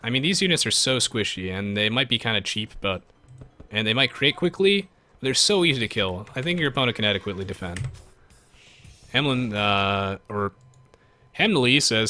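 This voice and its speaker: A man live-streams a strategy game, chatting with viewers and reading their messages, jumping animatedly between the game and the audience. His voice sits on the low side at a normal speed, and he pauses often. Soft music plays in the background.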